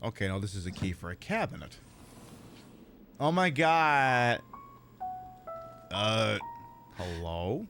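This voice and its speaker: Excitable, cursing game streamer man. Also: on the low side, slow, pauses often, over music. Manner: excitable, profane, jokey. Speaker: gameplay streamer. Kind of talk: let's-play commentary.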